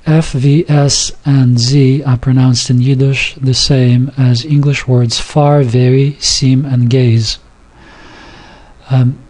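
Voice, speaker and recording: A man teaching a language class on a recording, reading from the course book and explaining the sounds. He speaks very slowly and haltingly, with frequent ums and restarts, at a medium pitch. He stretches out example words so each sound can be heard. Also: a little mellow. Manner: halting, many fillers and restarts, slow and careful. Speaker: Yiddish teacher. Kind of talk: informal recorded lesson, reading from a textbook.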